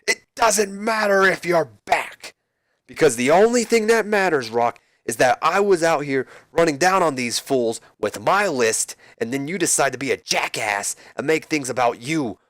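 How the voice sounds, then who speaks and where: A man doing a cocky mocking wrestler, pitched high. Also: animated, normal speed, fairly bright tone, no room sound, clean studio sound. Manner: mocking, sarcastic. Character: brash cocky male wrestler trading insults.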